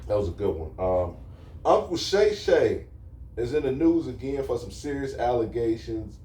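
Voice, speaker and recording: A man hosting a podcast in casual chat, relaxed, bringing up topics and handing them to his co-hosts. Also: medium pitch, moderate pace. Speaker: podcast host. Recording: echoey room, distant mic, faint hiss.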